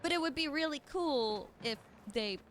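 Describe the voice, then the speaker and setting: A woman's voice: sits high, expressive, moderate pace, background noise. A young woman streamer chatting playfully while she plays, sounding congested. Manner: chatty, playful asides to chat. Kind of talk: casual live game stream commentary.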